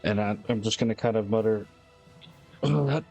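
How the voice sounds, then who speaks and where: A man with a somewhat low voice plays a tabletop game, walking through his character's moves in first person with plenty of hesitations and restarts. Faint music sits in the background. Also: little pitch movement, fast talker, a little mellow. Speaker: player.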